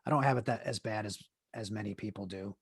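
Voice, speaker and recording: A man's voice: on the low side, quick pace, breathy edge, no room sound, studio quality. A man hosting his own podcast, telling a crude, joking story in a rambling way with many restarts while his leg hurts. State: in leg pain while seated. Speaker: podcast host. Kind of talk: casual storytelling monologue.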